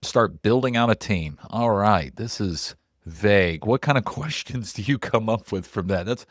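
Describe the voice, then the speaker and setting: A middle-aged man with a lowish voice hosts a podcast in loose, animated chat. He swears now and then and leans hard on "like". The sound is dry and close, with no room around it. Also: moderate pace, no room sound. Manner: loose, animated and profane, heavy on "like" fillers. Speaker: podcast co-host.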